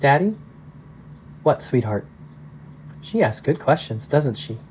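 A man reading aloud, voicing a quiet, affectionate young daughter. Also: medium pitch, sing-song, slow, slight background noise.

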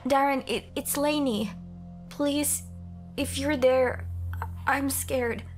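A woman's voice: high-pitched, steady tone, faint music behind. A scared, timid young girl. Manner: timid, halting, stammering. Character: frightened young girl, lonely and bored. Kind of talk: audio drama reading.

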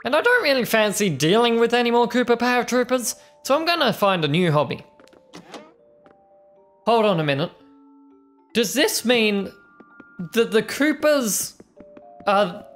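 Lively high-voiced woman, playful game commentary. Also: measured pace, pauses often, soft background music. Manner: playful, chatty, reads game dialogue aloud. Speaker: let's play host. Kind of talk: gameplay commentary.

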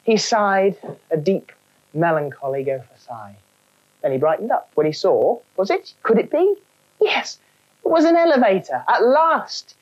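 A woman narrating a children's storybook in a wry, animated way. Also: medium pitch, measured pace, low-quality recording.

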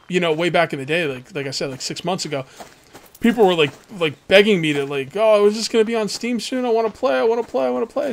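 A fairly high-voiced man rambles through casual gameplay commentary, chatting straight to his viewers as a let's play host. He talks loosely, full of asides, with a faint hiss of noise behind him.

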